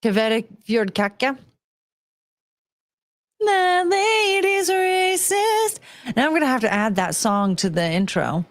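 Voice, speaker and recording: An American woman chats on a livestream in a loose, ranting way and swears freely. Her pitch leaps around with a lot of life. The sound is dry and close to the mic. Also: lively intonation, moderate pace, hardly any pauses, no echo. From United States. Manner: ranting, profane, talks to chat. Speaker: streamer host. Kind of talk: casual livestream chat.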